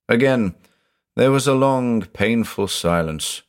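A man narrating a short story aloud in a measured, dramatic storytelling manner. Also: on the low side, lively intonation. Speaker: audiobook narrator.

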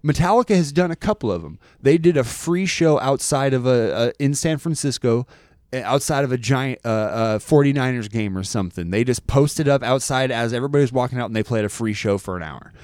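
Animated, profane man ranting in the studio. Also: medium pitch, brisk, dry recording. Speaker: guest musician, bass player. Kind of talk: casual podcast chat. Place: recording studio.

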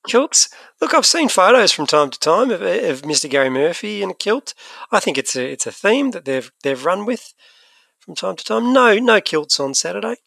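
A man's voice: high voice, big pitch swings, normal speed, creaky, pushed and bright, dry recording. A man co-hosting a podcast, chatting casually and animatedly, often restarting his sentences. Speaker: podcast co-host. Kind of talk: casual chat.

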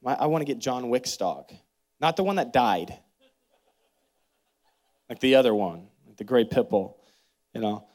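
Lively pastor telling a family story. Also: male voice, measured pace, long pauses. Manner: animated storytelling with big pitch swings and laughter; leads congregation in prayer and call-and-response. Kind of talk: sermon.

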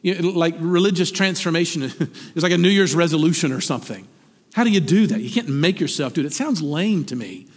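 A man preaching a sermon as pastor, animated and emphatic, swinging from high peaks down to low, quiet asides. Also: a little fast, breathy edge. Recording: long hall reverb.

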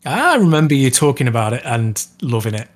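A man co-hosting a gaming podcast, easygoing and quick to laugh in casual chat. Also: mid-range voice, sing-song. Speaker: podcast co-host.

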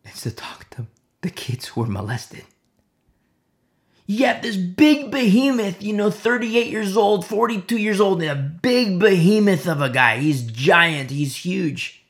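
Gravelly, animated preacher with hushed whispers. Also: medium pitch, a little slow. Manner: swings between loud outbursts and hushed near-whispers; emotional, repeats phrases for emphasis. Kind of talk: impassioned sermon storytelling.

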